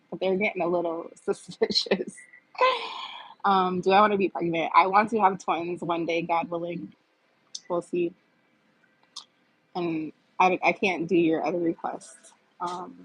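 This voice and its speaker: In poor audio, a woman with a lowish, breathy-edged voice chats candidly with livestream viewers and reads their comments out. She's a host in her fifties from the US East Coast who is chatty and laughs often.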